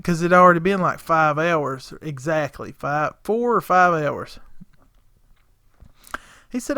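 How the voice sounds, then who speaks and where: A man with a drawl tells his viewers a story in a casual, folksy way. His voice sits high and sounds bright and crisp, recorded close and dry with no room echo. He acts out both sides of every exchange with gusto. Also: lively intonation, a little slow, pauses often. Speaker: lawn care business owner, channel host.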